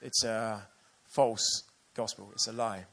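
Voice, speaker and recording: A man's voice: fairly low pitch, fairly even intonation, slow pace, creaky, pushed and bright. A man preaching a sermon earnestly and with emotion, reading passages aloud to his church.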